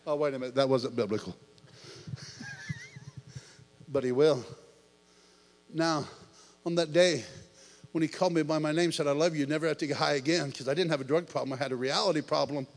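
A man preaching a lively sermon, telling his testimony with shouts, jokes and laughter. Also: fairly high pitch, moderate pace, long pauses, big-room sound.

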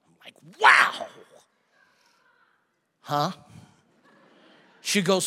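A man preaching a sermon, telling a story and acting out the people in it with animated delivery. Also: high-pitched, extremely slow, pauses often. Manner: animated, acts out quoted people. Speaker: pastor. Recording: long hall reverb.

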